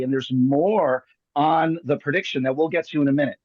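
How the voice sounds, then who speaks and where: Playful, fairly high-voiced man doing magic patter. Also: a little fast, husky, no room sound, muffled recording. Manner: playful, jokey, theatrical patter. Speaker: magician host. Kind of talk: live card trick over video call. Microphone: video call.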